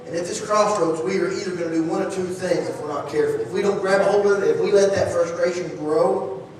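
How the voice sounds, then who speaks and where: A man's voice: sits high, quick pace, darkish tone. A man preaching a sermon in church, talking conversationally, restarting phrases and asking the congregation questions. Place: church sanctuary. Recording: echoey hall, distant mic.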